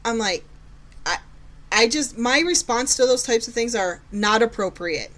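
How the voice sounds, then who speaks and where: Sarcastic, chatty mom on a podcast. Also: female voice, on the high side, animated, measured pace, a bit bright. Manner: sarcastic, chatty, laughs while telling stories. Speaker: podcast co-host. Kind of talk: casual chat.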